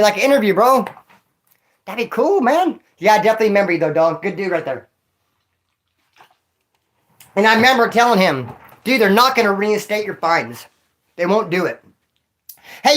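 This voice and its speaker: Man streamer, relaxed slangy storyteller, addresses a viewer on stream. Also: high-pitched. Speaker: former prisoner streamer reading chat. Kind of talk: casual livestream chat and storytelling.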